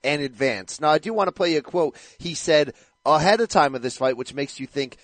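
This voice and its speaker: Slightly high voiced guy hosting a boxing show, wry and teasing, dry close mic. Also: expressive, brisk, no room sound. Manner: wry, teasing, steers the talk. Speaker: boxing podcast host. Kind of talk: casual sports chat.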